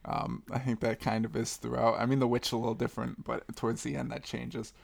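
A man's voice: medium pitch, flat delivery, brisk, gravelly. A man co-hosting a film podcast in casual chat, critical and wry.

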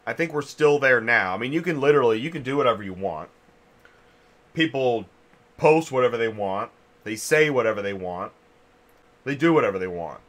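Host, male, bright edge, rambling talker, mid-range pitch, chewing a cough drop. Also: lively intonation, brisk, long pauses. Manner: rambling, thinks aloud with many restarts. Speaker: podcast host. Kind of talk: casual industry chat.

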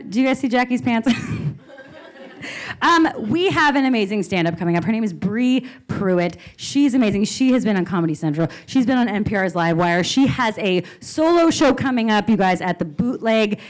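A woman's voice: medium pitch, animated, normal speed. Hyped woman emcee at a comedy show. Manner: loud, hyped, crude banter.

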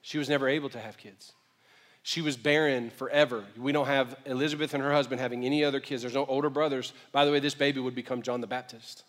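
A male pastor preaching a sermon, moving from quiet storytelling to shouted calls to the congregation. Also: mid-range voice, fairly even intonation, fast, long reverb tail.

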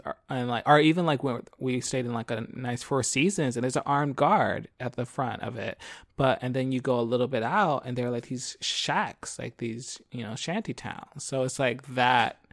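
A man in his thirties co-hosting a podcast, chatting casually with gossipy, animated talk and frequent swearing. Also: medium pitch, normal speed, no echo, studio quality. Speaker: podcast co-host. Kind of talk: casual chat.

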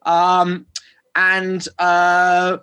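A man's voice: sits high, monotone, very slow, bright, forceful tone, clean tone. A man, a film director, answering interview questions casually with many fillers and restarts.

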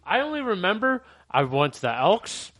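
A young man co-hosting a podcast, chatting casually with lots of swearing and animated quoted voices. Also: high voice, moderate pace, no room sound. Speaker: podcast co-host. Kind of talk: casual chat.

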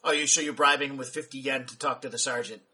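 A man running a tabletop role-playing game as game master, describing scenes and talking rules in a relaxed way. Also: mid-range voice, fast.

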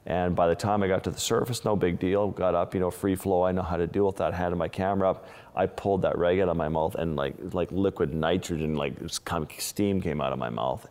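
Deep-voiced man recounting dive dangers. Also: darkish tone, in a large hall. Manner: halting, restarts often, vivid retelling. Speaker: underwater photographer. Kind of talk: storytelling interview.

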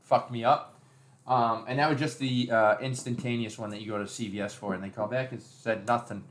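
Halting man in casual podcast chat. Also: medium pitch, fairly even intonation, a bit bright. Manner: hesitant, trailing off, restarts often. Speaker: podcast co-host. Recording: roomy, echoey room.

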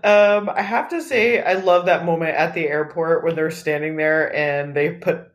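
A woman's voice: sits low, moderate pace. A woman guest enthusing about favorite scenes in a casual podcast. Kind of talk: casual chat.

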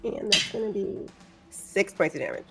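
A woman playing a tabletop game, animated and giggly as she describes her character. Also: mid-range voice, normal speed, gravelly, loud music behind the voice. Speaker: player.

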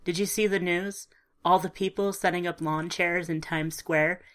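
Wry chatty friend, gossipy, low voice, audiobook, woman reader. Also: steady tone, normal speed, lightly acted.

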